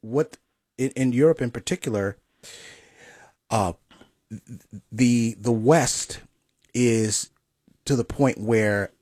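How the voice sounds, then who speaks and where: Indignant male co-host, husky voice, dry studio sound. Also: mid-range voice, slow, long pauses, a little mellow, dry recording. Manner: indignant, emphatic, trailing off. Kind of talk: casual political chat.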